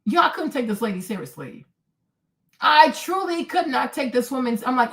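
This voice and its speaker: A young woman hosting a livestream rants indignantly to her viewers, telling the story casually and calling them "y'all." She is animated, and her high voice moves fairly quickly.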